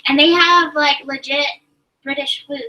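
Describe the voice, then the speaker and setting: High, bright-voiced chatty woman host. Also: fairly even intonation, measured pace, far from the mic, low-quality recording. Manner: chatty and enthusiastic, explains steps as she goes. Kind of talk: casual live stream chat while cooking.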